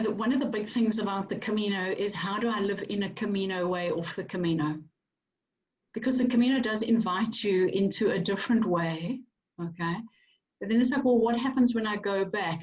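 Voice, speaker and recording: A woman's voice: mid-range voice, darkish tone. A woman author with a South African accent, talking thoughtfully about her book over a video call. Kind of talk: reflective conversation. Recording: distant dull video-call audio.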